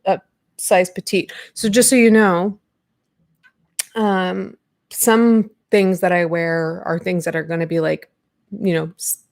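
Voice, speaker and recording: A woman's voice: lowish voice, vocal fry, no echo, studio quality. A woman in her thirties hosting a casual live-stream podcast from home, chatty and self-deprecating with lots of fillers. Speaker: podcast host. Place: home room at a computer.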